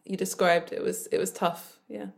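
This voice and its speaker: A woman's voice: lowish voice, level tone, normal speed, creaky. A woman co-hosting a podcast, asking long, meandering questions full of fillers. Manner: warm, rambling questions with fillers. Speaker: podcast co-host. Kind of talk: conversational interview.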